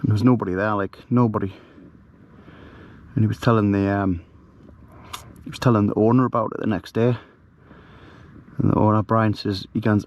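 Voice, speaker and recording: A middle-aged camper vlogger, lying in a bivvy bag outdoors at night, tells a chatty, rambling story full of fillers and restarts, filmed on a handheld camera. His lowish voice holds a steady tone at normal speed, and he pauses often.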